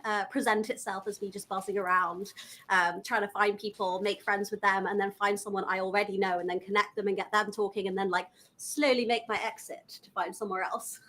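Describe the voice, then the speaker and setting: A woman's voice: mid-range voice, steady tone, a little fast, fairly bright tone, low-quality recording. Woman, mid-range voice, podcast co-host, chatty upbeat panel talk. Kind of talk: casual panel chat. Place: live podcast recording at a conference.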